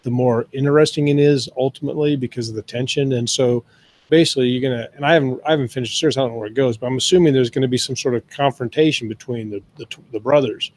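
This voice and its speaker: A man's voice: mid-range voice, fairly even intonation, quick pace, a little mellow. A man talking casually on a podcast, thinking ideas through aloud at length. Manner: thoughtful, explains ideas at length.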